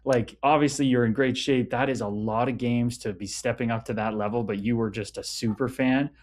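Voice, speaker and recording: Excitable man hosting a hockey podcast. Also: mid-range voice, brisk. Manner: enthusiastic, swears freely, reacts loudly. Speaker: podcast host, former hockey player. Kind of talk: casual podcast interview.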